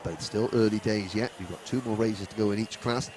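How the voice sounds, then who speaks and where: A man giving live race commentary on a karting event, rattling off positions and names and building excitement toward the finish. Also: fairly low pitch, a little fast, few pauses, a little hiss or hum.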